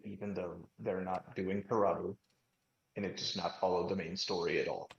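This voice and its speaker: Low, gravelly male co-host; teasing, opinionated; roomy, dull lo-fi sound. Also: fairly even intonation, normal speed, a little hiss or hum. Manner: teasing, opinionated, swears casually. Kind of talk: casual chat. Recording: roomy lo-fi recording.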